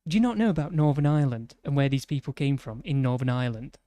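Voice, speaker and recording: A man's voice: medium pitch, lively intonation, fast talker, warm tone, no room sound. A young man with a Yorkshire accent, chatting bluntly and teasing a friend while streaming a racing game, often restarting his sentences. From northern England. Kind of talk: casual chat while gaming.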